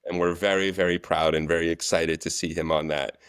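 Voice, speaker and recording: Deep-voiced man, chatty storyteller. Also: brisk, smooth, dry recording, clean studio sound. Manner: animated storyteller, relaxed and chatty. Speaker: guest, actor and stunt coordinator. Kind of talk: casual interview chat.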